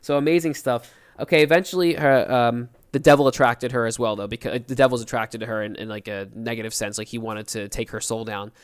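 A young male podcast co-host tells a story in relaxed, chatty fashion, animatedly performing small voices for the people he quotes. His voice is smooth and clear at an ordinary male pitch, and he speaks quickly.

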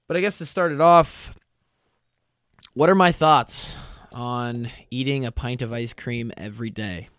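A young man hosting his own podcast in casual chat, tired and lightheaded from fasting, rambling and correcting himself with lots of fillers. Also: mid-range voice, a bit bright, clean tone, no room sound, studio quality. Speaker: podcast host. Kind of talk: casual solo podcast talk.

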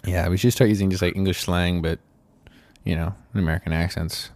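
A man's voice: low voice, fairly even intonation, brisk, a little mellow. A man co-hosting a podcast, rambling casually with lots of fillers and goofy asides. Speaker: podcast co-host. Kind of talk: casual chat.

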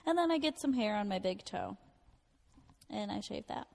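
A woman's voice: mid-range voice, expressive, normal speed, gravelly. A young woman, co-hosting a casual podcast and telling self-deprecating stories with a giggle. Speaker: podcast co-host. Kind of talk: casual chat.

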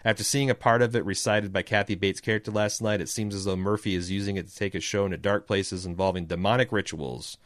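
A man's voice: fairly low pitch, steady tone, fast talker, few pauses, a bit bright, no echo, studio quality. A man co-hosting a casual podcast chat, joking and hesitant with lots of fillers. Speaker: podcast co-host. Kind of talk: casual chat about a TV show.

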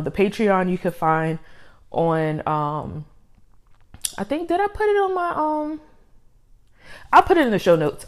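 A young woman hosting her own podcast, talking casually and a little out of breath, with lots of fillers and laughs. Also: fairly low pitch. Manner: rambling, filler-heavy, laughs often. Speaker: podcast host. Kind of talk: casual solo podcast talk. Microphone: studio microphone.

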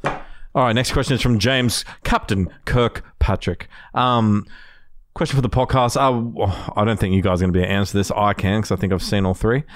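A man's voice: fairly low pitch, steady tone, moderate pace, a little hiss or hum. Man reading out listener questions. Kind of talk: casual podcast chat.

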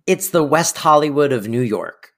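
A podcast co-host chatting casually and eagerly, often repeating words when excited. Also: medium pitch, normal speed. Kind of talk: casual chat recapping an episode.

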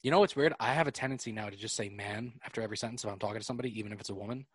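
New york dude chatting on a podcast, quick and laughing a lot, kinda husky. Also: male voice, fairly low pitch, no echo, studio quality. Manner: animated, laughing, swearing freely. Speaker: podcast host. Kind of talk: casual chat.

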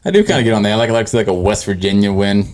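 A man's voice: lowish voice, expressive, racing, darkish tone. A man co-hosting a podcast, trading blunt, crude banter about sports. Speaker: podcast co-host. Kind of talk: casual chat.

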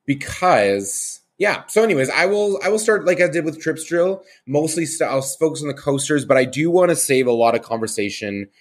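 A man's voice: fairly high pitch, expressive, a little fast, few pauses. A man from Canada hosting a podcast, chatting in a casual, enthusiastic way. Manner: chatty and enthusiastic, with many fillers and restarts. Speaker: podcast host.

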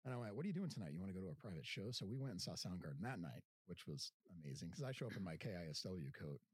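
A man hosting a podcast, telling stories in a casual, animated way and acting out the quotes. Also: deep voice, racing, husky, dry recording. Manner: animated storyteller, acts out quotes. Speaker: podcast host. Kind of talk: casual storytelling chat.

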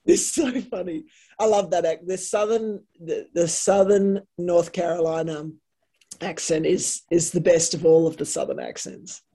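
An Australian woman with a gravelly, husky voice tells stories in a relaxed chat. She gets animated and acts out the people she quotes. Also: fairly low pitch, a little slow. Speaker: guest. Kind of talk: casual storytelling.

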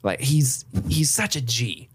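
A man's voice: medium pitch, lively intonation, slow, slightly rough. A man co-hosting a casual movie-review podcast, laid-back and swearing freely, with frequent laughter. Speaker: podcast co-host.

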